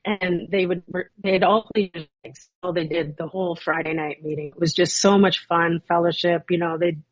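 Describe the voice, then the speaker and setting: A woman's voice: lowish voice, fairly even intonation, normal speed, no room sound, highs cut off. A middle-aged woman, originally from Canada, giving a rambling, grateful personal share as guest speaker at a recovery meeting. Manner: rambling, warm and grateful, with many restarts and fillers.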